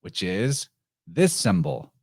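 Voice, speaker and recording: A man hosting a podcast, reading old prophetic verse aloud in a slow, solemn way and explaining it. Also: low-pitched, wildly swooping pitch, breathy edge, no echo, clean studio sound. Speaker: podcast host.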